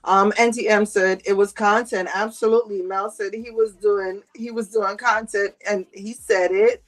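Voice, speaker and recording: A woman's voice: mid-range voice, fairly even intonation, normal speed. Sassy laughing woman gossiping. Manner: sassy, laughs often, slangy. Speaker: livestream host reading chat. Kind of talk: casual gossip chat.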